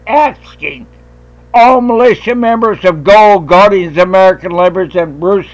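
A man hosting a talk radio show, ranting in a loud, combative and profane way. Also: sits high, lo-fi sound. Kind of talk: heated talk radio rant.

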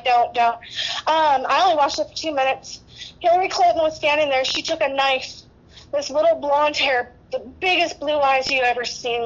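A woman's voice: sits high, lo-fi sound. A woman nurse, tearful and emotional, rambling through an interview with many restarts. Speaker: guest nurse.

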